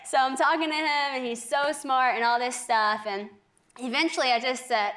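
A woman's voice: high-pitched, moderate pace, fairly bright tone. A young woman on a faith talk show, telling a personal story earnestly, with frequent "like" and small laughs. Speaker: guest speaker.

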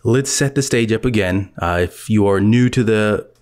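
Fast-talking, upbeat male podcast host. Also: lowish voice. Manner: energetic, talks fast when excited.

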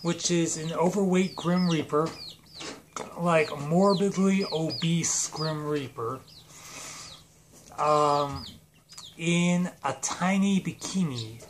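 Rambling male storyteller, fairly high voice. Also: slight background noise. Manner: rambling, with fillers and profanity. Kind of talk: casual comedic storytelling.

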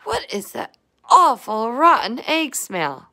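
A woman's voice: very animated, slow, bright, forceful tone, full character voice. A woman doing a bossy little girl. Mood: insistent. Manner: high and insistent. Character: bossy little girl who hates noise.

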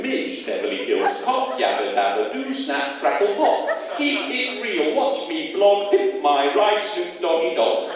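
Man, live performance poet, mocking rapid-fire list delivery, lively up-and-down pitch, echoey hall, distant mic. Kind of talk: live satirical poetry performance. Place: large echoey hall at a public meeting. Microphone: distant from the recording mic. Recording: echoey hall, far off, dull audio.

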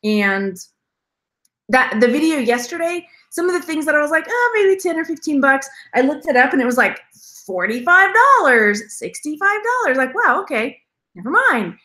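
A woman's voice: high-pitched, sing-song, normal speed, sharp tone. A woman hosting a live stream, chatting with her viewers in a rambling, talkative way and laughing often. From Texas. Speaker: jewelry reseller, channel host.

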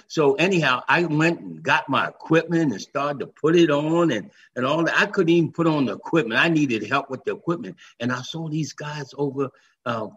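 A man's voice: medium pitch, expressive, moderate pace, a bit bright. An older man and former football player, telling stories in an interview and acting out the voices he quotes. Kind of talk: storytelling interview. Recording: dull lo-fi remote line with faint noise.

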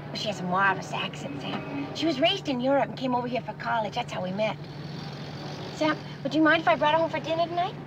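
A woman's voice: high voice, lively intonation, fast. An actress playing a cheerful, doting suburban wife and mother with a sweet, fussing manner, in a 1960s film comedy. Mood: tender. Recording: old film soundtrack with hiss.

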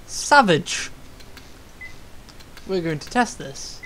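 A woman's voice: sits low, slow pace, long pauses, a bit bright, a little hiss or hum, low-quality recording. A woman giving chatty, wry commentary as she plays through a game. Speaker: gamer. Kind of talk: let's play commentary.

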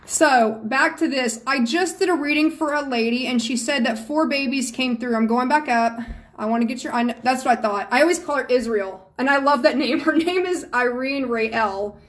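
High-voiced woman, chatty and earnest. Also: normal speed. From Georgia, USA. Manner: chatty, earnest, affectionate asides like "honey". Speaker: psychic medium hosting a live stream. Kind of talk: live-stream monologue.

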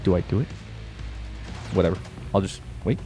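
A man giving casual gameplay commentary as a YouTuber, excitable, yelping and talking to himself as he plays. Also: deep voice, moderate pace, faint music behind. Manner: excitable, yelps and exclaims, talks to himself. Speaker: gaming YouTuber.

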